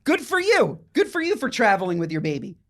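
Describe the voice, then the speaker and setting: A man's voice: extremely high pitch, wildly swooping pitch, a little fast, background noise. Guy ranting on a podcast, sarcastic, voice swoops up and down a lot. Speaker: podcast co-host. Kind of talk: casual chat.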